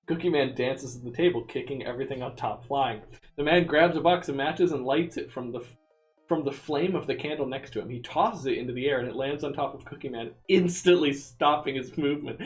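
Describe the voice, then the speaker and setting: A man's voice: medium pitch, a little fast, soft background music. A man streaming himself as he reads a text adventure game aloud, in a casual, amused way with asides. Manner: casual, amused, with frequent laughs.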